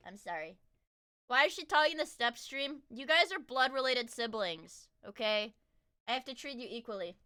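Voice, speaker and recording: A woman streamer chatting casually to her live viewers while reacting to a video, excitable and rambling, often breaking off to apologize. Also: a little high, normal speed, clean tone.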